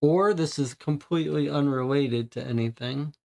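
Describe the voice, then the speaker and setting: A man's voice: on the high side, moderate pace, vocal fry, dark tone. A man playing a co-op mystery board game, reading the case entries and thinking aloud, puzzled about the clues. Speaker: game player and host.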